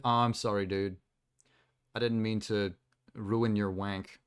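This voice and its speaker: Male streamer, slightly low voice, loose rambling chat reacting to trailers with easy laughs. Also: flat delivery, takes it slowly, clear, resonant tone. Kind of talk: casual live-stream chat. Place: home streaming setup.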